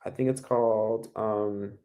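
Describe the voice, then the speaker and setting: A man's voice: lowish voice, fairly even intonation, a little slow, mellow. A man from Miami hosting a casual livestream, reading comments and giving blunt, profane advice. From Miami, United States. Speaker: livestream host.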